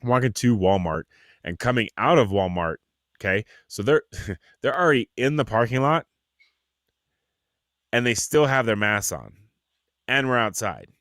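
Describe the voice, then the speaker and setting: A male podcast host chats casually and tells animated stories, swearing a lot and putting on mocking voices. His voice is medium-pitched, he talks at normal speed with long pauses, and the sound is studio quality with no echo.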